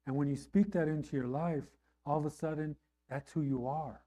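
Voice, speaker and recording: A middle-aged man preaching a sermon in a conversational way, often asking "right?" and rising in pitch and volume on emphatic lines. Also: fairly even intonation, fairly quick, dark tone. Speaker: pastor.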